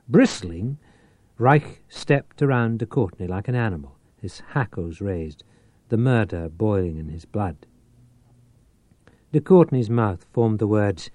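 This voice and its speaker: A man reading a novel aloud as an audiobook narrator, with a measured, theatrical delivery. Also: fairly low pitch, lively intonation, mellow, dry recording.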